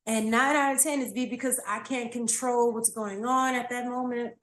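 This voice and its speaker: High, expressive woman in an echoey room. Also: moderate pace. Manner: animated, emotional storyteller who laughs often. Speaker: yoga teacher and podcast guest. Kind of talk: casual interview conversation.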